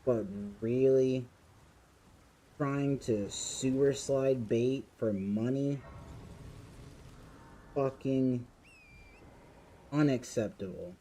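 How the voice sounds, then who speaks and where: A man streaming a game who angrily swears at and scolds his chat, then vents in a fast rant. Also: dark tone, poor audio. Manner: muttering, drops to low volume while filing a report. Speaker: gaming streamer. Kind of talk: live-stream chat reaction.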